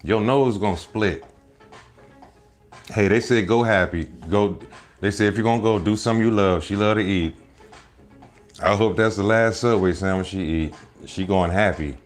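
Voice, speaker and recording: Low-voiced guy goofing around on a live stream, loud teasing jokes, faint music behind. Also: moderate pace, long pauses. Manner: loud joking rambles, bursts of laughter, mock voices. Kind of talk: casual comedic live stream chat.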